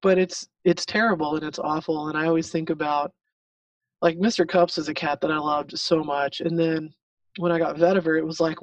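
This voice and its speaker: A man talks in a loose, rambling way full of fillers, with a voice pitched a little high. He sits well back from the mic, and the sound is dull and dry. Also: little pitch movement, brisk, no echo, far from the mic. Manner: rambling, candid, frequent fillers. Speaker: group participant sharing about pet loss. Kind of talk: casual support-group sharing.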